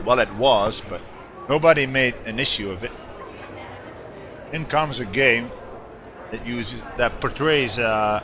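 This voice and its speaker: A male streamer in casual gameplay commentary, rambling and joking as he reads game text aloud. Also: medium pitch. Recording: steady background noise.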